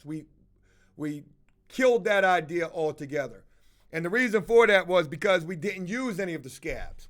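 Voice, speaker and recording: A man chatting casually to his viewers, swearing often and telling an animated story. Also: high-pitched. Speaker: house flipper vlogger. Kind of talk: casual livestream chat.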